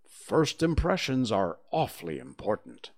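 A man's voice: on the low side, huge pitch swings, unhurried, heavily acted. A man voicing a boastful boy who leads the others and gives orders in a bossy, commanding way.

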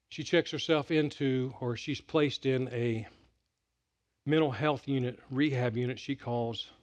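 A middle-aged man preaching a sermon, telling stories with big swings from loud excitement to hushed quiet. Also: medium pitch, highs cut off. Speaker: pastor.

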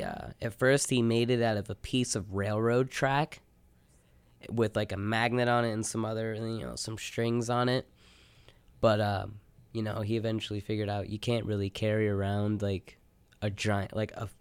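Young man, college radio co-host, low smooth voice, rambling talk, dry studio. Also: dry recording. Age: young adult. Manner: rambling, lots of "like" and "you know". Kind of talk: casual radio chat. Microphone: studio microphone.

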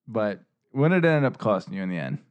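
A man's voice: fairly low pitch, big pitch swings, fast talker, clean tone, dull audio. A man co-hosting a casual sports podcast, teasing his partner, laughing often and swearing. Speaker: podcast co-host.

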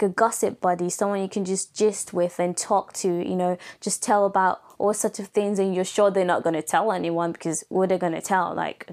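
A young woman with a raspy voice, hosting a casual solo podcast in a chatty, playful way, laughing often. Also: on the low side. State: voice going raspy. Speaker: podcast host.

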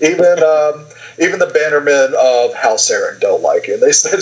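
A man's voice: a little high, moderate pace, low-quality recording. A man co-hosting a podcast, retelling a TV season in a rambling way with lots of fillers and quoted lines. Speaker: podcast co-host. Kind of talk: casual TV recap chat.

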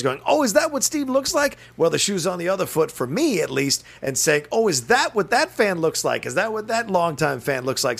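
A man's voice: on the high side, gravelly, a bit bright. A man co-hosting a film podcast, thanking listeners in a heartfelt, expansive way. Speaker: podcast co-host. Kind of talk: closing remarks to listeners.

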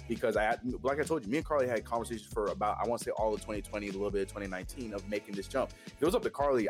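A man co-hosting a casual podcast conversation, talking in a rambling way with frequent restarts. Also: on the low side. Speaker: podcast co-host.

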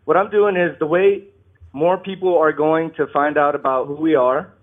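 A nervous, shaky man calling into a show, talking haltingly, apologizing and restarting his sentences. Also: on the high side, fairly even intonation. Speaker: caller. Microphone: phone. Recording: tinny phone line.

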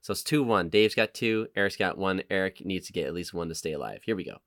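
Guy hosting a movie podcast, kinda low voice, dry mic, laid back. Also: fast talker, vocal fry, no room sound. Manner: animated when reading quotes, low-key otherwise. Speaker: podcast host. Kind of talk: casual chat, reading movie quotes aloud.

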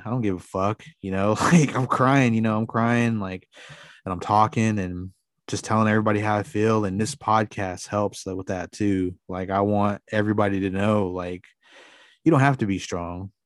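A podcast co-host talks earnestly in casual conversation, rambling and using plenty of fillers. His voice is on the low side with fairly even intonation and a normal speed, recorded cleanly in a studio with no echo.

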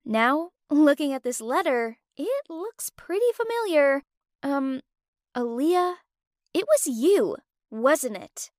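A woman plays a glamorous young model who hesitates and pauses for drama. The voice is high and sits close in a dry storybook recording. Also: big pitch swings, a little mellow, no echo, heavily acted. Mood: insinuating.

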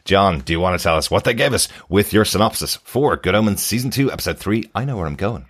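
A man's voice: sits low, animated, quick pace, a bit bright, breathy edge. A man hosting a podcast in a chatty, casual way, laughing often. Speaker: podcast host.

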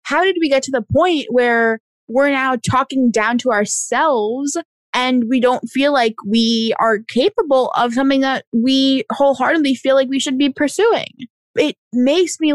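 A woman talking earnestly in a casual podcast chat, filling her talk with "like". Her voice sits fairly high. The sound is dry and close. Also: moderate pace, no echo. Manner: earnest, lots of filler "like".

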